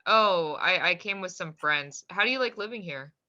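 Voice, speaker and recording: A player at a tabletop game over a video call who asks wry, deadpan questions. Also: mid-range voice, normal speed, lo-fi sound. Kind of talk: casual tabletop play.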